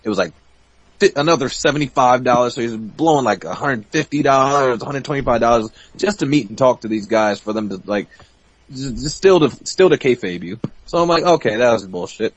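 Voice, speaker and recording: Animated storyteller man, dull dry audio. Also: brisk, no echo. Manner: profane, animated, bursts into high-pitched mimicry. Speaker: interview guest, pro wrestler. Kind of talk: casual storytelling.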